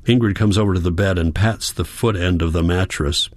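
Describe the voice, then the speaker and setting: A man narrating a first-person novel as an audiobook, calm, measured and reflective. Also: sits low, no room sound.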